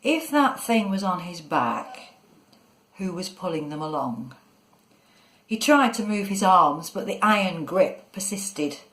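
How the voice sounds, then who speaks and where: A woman narrating a children's story in a measured, expressive way. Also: lowish voice. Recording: echoey room.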